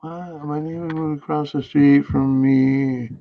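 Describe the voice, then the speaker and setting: A man hosting a stream in casual chat, halting and easygoing, laughing often. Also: on the high side, fairly even intonation, no echo. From New England, US. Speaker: live stream host. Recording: dull, lo-fi stream audio.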